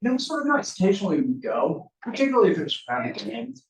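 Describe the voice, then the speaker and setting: Man in his 50s chatting, lively up and down pitch, sounds distant. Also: fast talker, slight background noise. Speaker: workshop attendee. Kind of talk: casual chat. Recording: roomy echo, distant mic.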